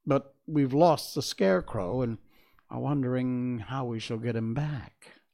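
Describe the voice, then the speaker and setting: A man's voice: mid-range voice, unhurried, creaky, dark tone. A man voicing an eager, polite young girl in a storybook reading.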